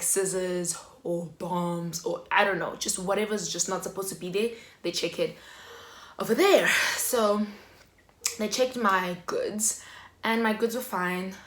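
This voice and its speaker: A young South African woman with a South African accent telling a story in a chatty, animated way. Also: fairly low pitch. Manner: animated, chatty, heavy on fillers. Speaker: vlogger. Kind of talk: casual storytime. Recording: echoey room.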